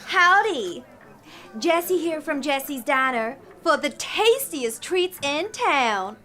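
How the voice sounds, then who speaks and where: A cheerful small-town diner owner hawks her food with a Southern accent, as a woman puts her on. Her voice sits high and bright and leaps all over in sing-song swoops. She takes her time over each word, and faint music plays underneath. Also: big pitch swings, slow pace, full character voice. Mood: perky salesy. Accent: Southern American. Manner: upbeat salesy ad pitch. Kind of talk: comedic radio-ad acting.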